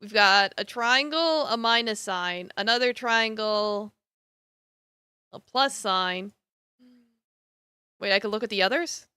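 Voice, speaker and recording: Young woman streamer, bright smooth voice, casual bemused chat at a desk mic. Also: medium pitch, takes it slowly, long pauses, no echo, studio quality. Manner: chatty, bemused, thinking aloud with restarts. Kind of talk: casual gameplay commentary.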